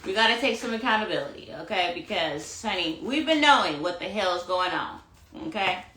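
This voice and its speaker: A woman's voice: mid-range voice, lively intonation, normal speed, bright, forceful tone, reverberant, slight background noise. A woman giving a casual livestream monologue as a tarot reader, sassy and dramatic, tagging her lines with "okay?" and "honey". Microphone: phone livestream.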